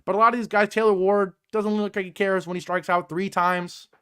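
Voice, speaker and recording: A young man with a fairly high voice, hosting a sports podcast and ranting in exasperation as he reads viewer comments aloud. He grows louder and higher when he gets worked up, with plenty of filler ums between points. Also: flat delivery, fairly quick, clean tone. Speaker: podcast host.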